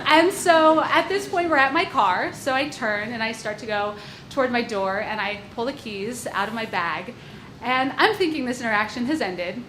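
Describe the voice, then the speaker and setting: A young woman tells a true story onstage with a wry, self-mocking edge and quick asides. Her voice sits high and swings a lot in pitch. The hall echoes around her, with a live audience clearly heard behind. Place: stage before a live audience. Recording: echoey live venue with crowd noise.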